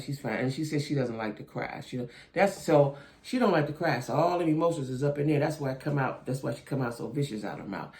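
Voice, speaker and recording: In a chatty video, a man shares strong opinions on a reality show, addressing viewers as "y'all" and constantly checking in with "right?" and "you know what I'm saying?" His mid-range voice is a little mellow, with vocal fry.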